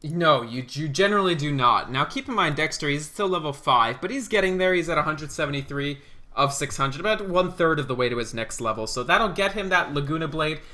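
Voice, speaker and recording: A man casting an esports match play-by-play, calling the action with rising excitement on big plays. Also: fairly high pitch, fairly quick. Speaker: play-by-play caster.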